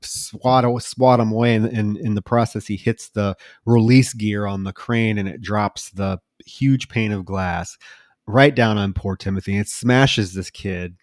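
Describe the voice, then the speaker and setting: A man co-hosting a horror movie podcast, recounting scenes in a casual, steady way. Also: lowish voice, unhurried, no room sound, clean studio sound. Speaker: podcast co-host.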